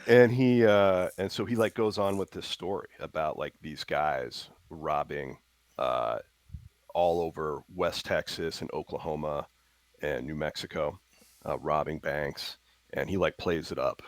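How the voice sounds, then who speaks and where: A man playing a tabletop game, telling his character's story with lots of laughs and halting fillers. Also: a bass voice, no room sound. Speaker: player.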